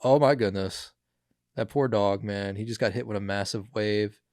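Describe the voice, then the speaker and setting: A man's voice: on the low side, normal speed, a little mellow, no room sound, clean studio sound. A young man hosting a podcast, chatting casually about news clips, rambling and swearing with many fillers. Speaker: podcast host.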